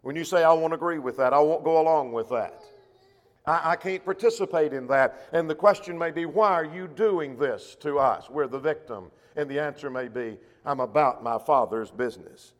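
A man preaching a sermon in a church, measured and slowing down when he quotes scripture. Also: a little high. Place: church auditorium. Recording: long echo of a church hall.

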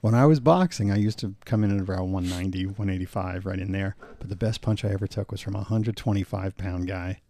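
A man hosting a casual podcast chat, relaxed and quick to laugh as he quizzes his guest. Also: low voice, no echo.

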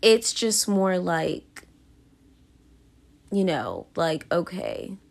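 A young woman hosts her podcast alone, her voice sitting a little low for a woman. She takes her time and drifts slowly from thought to thought, full of likes and ums, sounding self-conscious and unguarded. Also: big pitch swings, creaky. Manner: rambling, filler-heavy, self-conscious. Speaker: podcast host. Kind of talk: casual confessional monologue.

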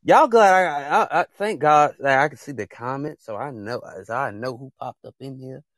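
A man's voice: mid-range voice, moderate pace, no room sound. Young man, AAVE speech, podcast host, passionate rambling advice, dry close sound. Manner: passionate, rambling, talks straight to viewers. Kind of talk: casual chat, preachy advice.

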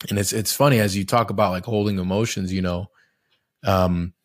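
A man with a very low, deep voice, recorded close and dry with no room sound. He talks in a loose, reflective way, circling back and restarting phrases while he works his thoughts out. His tone is candid and unguarded, with an occasional casual curse. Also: steady tone, a little fast, no room sound. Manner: swears casually. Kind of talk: casual podcast conversation.

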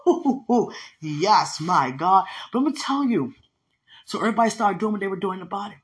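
A woman preaches at an ordinary middle pitch, in a conversational sermon style. She leans on repeated phrases and emphatic, direct address to her listeners. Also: lively intonation, a little fast. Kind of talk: sermon-style teaching about a dream.

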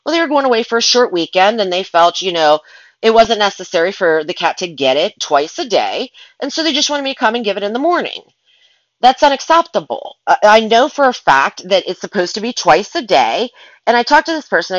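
A woman's voice: on the high side, expressive, a little fast, a bit bright, no echo, muffled recording. A woman who works as a pet sitter and dog walker, ranting in a casual vlog in an exasperated, rambling way with many restarts.

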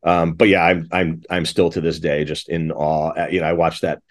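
A middle-aged man with a very deep, low voice talks as an interview guest. He rambles eagerly, restarting his sentences again and again as he gets caught up in his story. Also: level tone, moderate pace. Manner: enthusiastic, rambling with many restarts. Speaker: composer and director guest. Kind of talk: casual interview talk.

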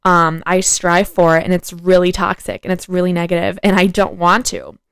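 A woman's voice: fairly low pitch, level tone, moderate pace, clear, resonant tone, no echo. A teenage girl hosting a casual solo podcast, talking frankly and saying "like" and "I don't know" a lot. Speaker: podcast host.

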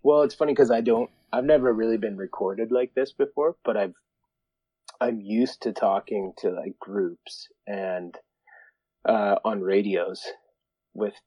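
A laid-back man with a lowish voice, talking in an easygoing way as a podcast guest. The sound is close and dry, with no room around it. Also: measured pace, slightly rough, no echo, dull audio. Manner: mellow, easygoing. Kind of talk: casual chat.

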